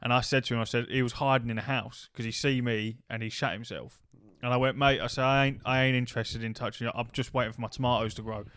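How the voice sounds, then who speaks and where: A man, co-hosting a casual podcast and telling gaming stories with lots of swearing and acted-out shouting. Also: medium pitch, fast, hardly any pauses, clean tone, dry recording. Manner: animated anecdote-telling, swears freely, acts out shouting. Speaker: podcast co-host. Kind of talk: casual chat, storytelling.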